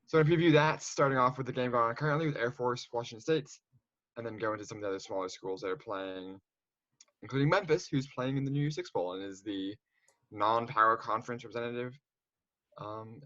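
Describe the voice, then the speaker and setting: A man's voice: mid-range voice, a little fast, fairly bright tone, no echo. Easygoing man on a dull, dry mic. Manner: easygoing, conversational. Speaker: co-host. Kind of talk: casual sports podcast chat.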